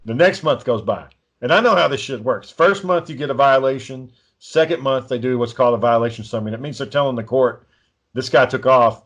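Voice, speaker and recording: A man's voice: medium pitch, brisk, a bit bright. A man telling a long story in a casual, profane, rambling way as a podcast co-host. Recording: dull lo-fi recording.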